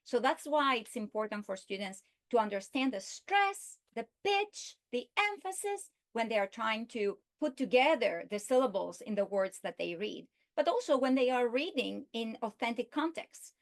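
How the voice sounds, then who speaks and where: Woman teacher, slightly higher voice, measured lesson delivery that punches out example words. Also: very animated. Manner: slow, deliberate, stresses example words. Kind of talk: recorded literacy lesson.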